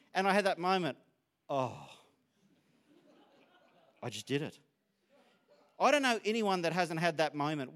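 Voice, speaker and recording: Australian male preacher, middle-aged, high-pitched, chatty and anecdotal from the pulpit. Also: fairly bright tone. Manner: conversational, storytelling, self-disclosing. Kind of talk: sermon.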